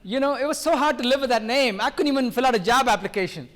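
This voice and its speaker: Older indian-born guy doing loud fast stand-up at a live show, high voice, works the crowd. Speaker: stand-up comedian. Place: live variety show venue with audience.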